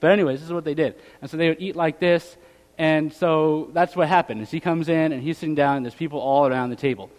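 A man with a high voice preaches in a loose, conversational style. He reads scripture aloud and keeps tossing rhetorical questions to his listeners. His voice rings on in the long reverb of a hall. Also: fast talker, darkish tone. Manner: reads scripture aloud in old-fashioned wording. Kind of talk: sermon.

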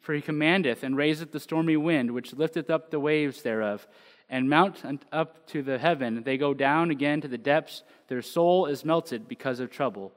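A man's voice: a little high, normal speed. A man preaching casually to a congregation, joking in asides before reading a psalm aloud. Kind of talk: casual sermon with scripture reading. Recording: long hall reverb.

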